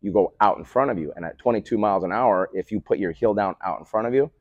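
A man's voice: on the low side, fast, no echo, muffled recording. A man who co-owns a speed training facility, explaining training methods in a casual interview and checking in with "right?" after his points. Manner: peppers points with "right?" tag questions; animated, coach-like storytelling. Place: remote call.

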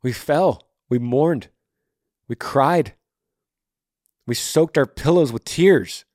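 A man in his thirties who hosts a podcast answers a listener's question about grief, speaking bluntly and earnestly in repeated, rhythmic phrases. His voice is medium in pitch with a darkish tone, and he talks slowly. The recording is dry and clean, with studio quality, made in a room at home.

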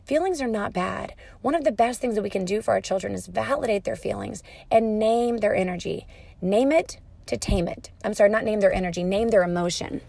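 Calm, patient woman giving parenting advice. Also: medium pitch, a little fast, gravelly, no room sound. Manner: calm, patient, explanatory, soft-spoken at times. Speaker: parenting educator.

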